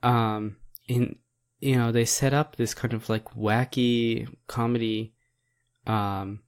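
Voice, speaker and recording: A man's voice: medium pitch, flat delivery, takes it slowly, smooth. A man co-hosting a podcast in casual chat, rambling with many fillers and frequent laughs. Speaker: podcast co-host.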